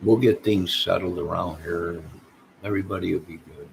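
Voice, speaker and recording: A man's voice: sits low, fairly even intonation, moderate pace, vocal fry, slight background noise, low-quality recording. A man streaming live late at night, rambling in a conspiratorial way and talking straight to his chat.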